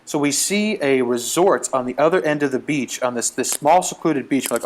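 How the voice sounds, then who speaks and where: A man's voice: medium pitch, moderate pace, hardly any pauses, slight background noise. A man casually telling a comic travel story, acting out the quotes as he goes. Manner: animated, acts out quotes. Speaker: guest storyteller.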